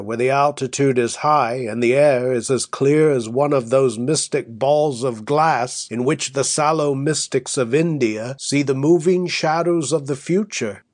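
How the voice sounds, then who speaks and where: A man reading an old-fashioned story aloud as an audiobook narrator, in a measured, even way. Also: medium pitch, no echo, clean studio sound.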